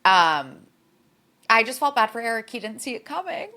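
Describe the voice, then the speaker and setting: A woman's voice: on the high side, sing-song, moderate pace, pushed and bright. A woman co-hosting a podcast, chatting animatedly about reality TV and reading an ad. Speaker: podcast co-host. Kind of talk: casual chat and read ad.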